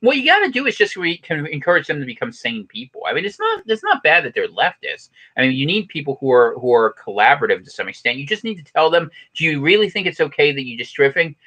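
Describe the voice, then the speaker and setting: A man co-hosting a live stream show, chatting casually and jokingly, rambling and quick to laugh. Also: on the high side, wildly swooping pitch, bright, forceful tone. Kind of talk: casual political chat.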